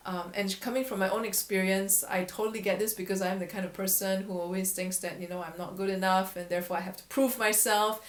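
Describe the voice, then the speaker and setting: A woman voice coach speaking in a candid, reflective vlog voice at a middle pitch. She laughs at herself now and then, and her voice rings in a roomy, echoey space. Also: steady tone, fast talker, hardly any pauses. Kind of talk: casual vlog talk to camera. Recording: echoey room.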